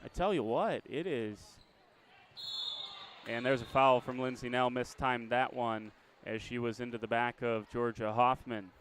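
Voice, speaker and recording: Man calling high school basketball play-by-play. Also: unhurried, fairly bright tone, slight background noise. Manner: chatty, self-correcting, chuckles at himself. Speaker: play-by-play announcer.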